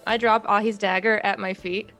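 A woman player in a tabletop game, brisk and playful. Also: medium pitch, level tone, over loud music. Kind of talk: tabletop role-play chat.

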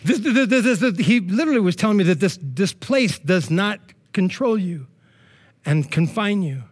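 A male pastor giving a sermon in a lively, joking, conversational way. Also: sits high, normal speed, slightly rough.

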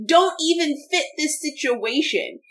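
A woman's voice: sits high, lively intonation, a little slow, fairly bright tone. A woman co-hosting a casual book-discussion podcast, wry and complaining with frequent laughs. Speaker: podcast co-host.

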